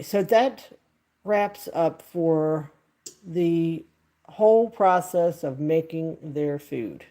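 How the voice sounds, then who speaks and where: In a lowish, dark-toned voice with no echo, a woman livestreams from her kitchen and backyard, chatting casually and straying across topics with her viewers. Her manner is friendly and rambling, and she talks to her dogs in a sing-song baby voice.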